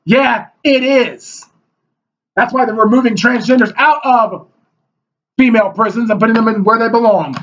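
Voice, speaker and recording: A high-voiced video blogger delivers a heated, mocking rant, mimicking his opponents in whiny voices. He speaks fairly quickly in a slightly bright voice, over a dull lo-fi recording with a little hiss or hum.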